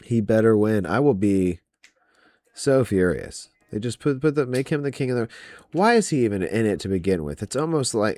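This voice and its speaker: A man's voice: fairly low pitch, darkish tone, no echo. A man hosting a wrestling podcast, ranting about match predictions in a profane, exasperated way.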